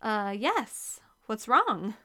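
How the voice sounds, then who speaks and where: A woman's voice: on the high side, big pitch swings, extremely slow, bright, forceful tone, full character voice. A woman reading the part of a nervous, awkward teenage boy who stammers and hesitates.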